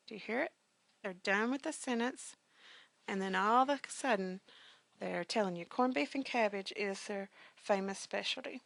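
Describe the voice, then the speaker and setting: A woman's voice: mid-range voice, moderate pace, gravelly, fairly bright tone, no room sound. A woman teaching business communications in a recorded grammar lecture, talking conversationally with frequent fillers and punchy emphatic asides.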